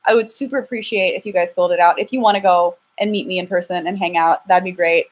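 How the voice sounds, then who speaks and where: A woman's voice: fairly low pitch, steady tone, fast. A young woman chatting casually on a live stream, frank and self-deprecating, often stumbling and restarting as she answers viewers' questions. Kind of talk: casual live-stream chat reading super chats. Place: home, lives in LA.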